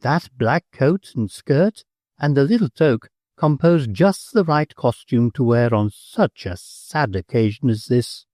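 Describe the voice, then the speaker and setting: A man's voice: mid-range voice, animated, measured pace, darkish tone, no echo, clean studio sound, lightly acted. A man voicing a bossy, talkative middle-aged countess who gives fussy commands.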